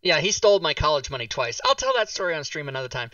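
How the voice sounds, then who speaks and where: A man hosting a casual talk show stream, telling stories in a lively, joking way. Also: fairly high pitch, very fast, far from the mic, muffled recording, crowd noise. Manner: storytelling, animated, jokey. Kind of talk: casual livestream chat.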